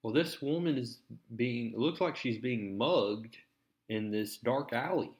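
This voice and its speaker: A man casually retelling a comic book story, relaxed and full of fillers. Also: medium pitch, unhurried.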